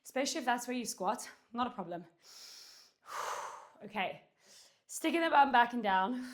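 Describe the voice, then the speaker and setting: A woman teaching a Pilates and dumbbell workout at home, out of breath, cueing and counting reps while she exercises, recorded by a camera at a distance. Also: mid-range voice. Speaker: Pilates instructor. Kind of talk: workout instruction. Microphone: far camera.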